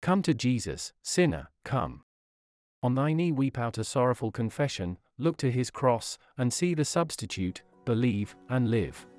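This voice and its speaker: A man reading a sermon aloud in an earnest, dramatic, deliberate manner. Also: mid-range voice, big pitch swings, a little mellow, dry recording, clean studio sound. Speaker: sermon reader.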